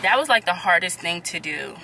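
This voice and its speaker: A woman's voice: lowish voice, animated, brisk, gravelly, background noise. A woman, a mother of two chatting casually and exasperatedly to her vlog viewers. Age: 20s. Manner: talkative and exasperated, venting to viewers. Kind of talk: casual vlog chat to camera.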